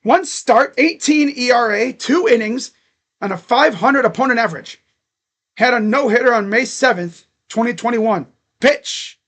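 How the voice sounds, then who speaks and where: A man calling a ball game live as a fan from his room at home, excitable, chatting to viewers and shouting at the players. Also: very high voice, normal speed. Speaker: fan streamer calling play-by-play. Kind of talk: live fan reaction and play-by-play. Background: dogs barking.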